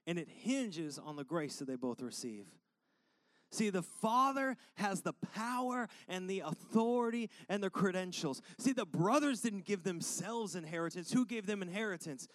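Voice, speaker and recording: A high-voiced man preaches a sermon in a casual, energetic way. He stresses his points by repeating them. The recording is close and dry. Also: no echo. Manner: energetic, conversational, emphatic repetition. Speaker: pastor.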